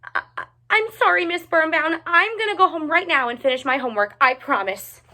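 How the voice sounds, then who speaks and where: Nervous schoolboy, woman voicing him, storybook, rushed, high. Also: sharp tone. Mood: panicked. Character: cocky schoolboy, later scared.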